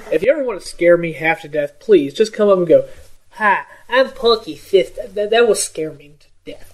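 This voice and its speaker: A man's voice: a little high, low-quality recording. A man co-hosting a comedy podcast in casual chat, joking and laughing often. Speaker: podcast co-host.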